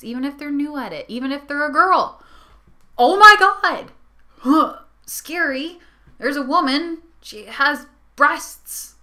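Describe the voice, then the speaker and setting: Bright-voiced young woman ranting, giggly. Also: high-pitched. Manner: rambling, giggly, sarcastic asides. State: tired from no sleep. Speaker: vlogger. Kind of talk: casual rant to camera. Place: her bedroom.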